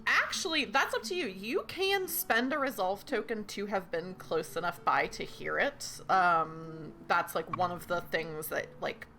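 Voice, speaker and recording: A woman's voice: fairly low pitch, lively intonation, unhurried, few pauses, pushed and bright. A woman facilitating a tabletop role-playing game, chatty and full of fillers. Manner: chatty, many ums and likes, giggly.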